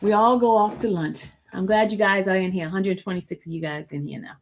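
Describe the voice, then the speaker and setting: A woman hosting a casual live stream, telling her viewers a story in a chatty, animated way. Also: mid-range voice, a little fast, slight background noise. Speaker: show host recapping a trial.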